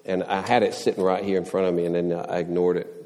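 A man's voice: deep voice, little pitch movement, quick pace, a little mellow, in a large hall. A man preaching a sermon, earnest, pressing his points with rising questions and everyday illustrations. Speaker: pastor.

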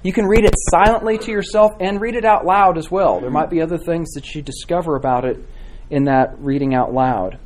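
A man teaching a church class on devotional reading, speaking with frequent pauses, fillers and restarts. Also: a little high, slight background noise. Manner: halting, many fillers and restarts, warm encouraging replies. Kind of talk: Sunday school class teaching.

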